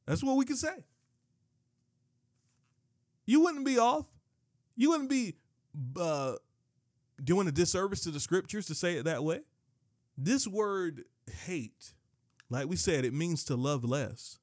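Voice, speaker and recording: Slow, emphatic male preacher. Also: a little high, very animated, no echo, studio quality. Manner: emphatic, repeats key phrases, reads scripture aloud. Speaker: pastor. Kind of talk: sermon.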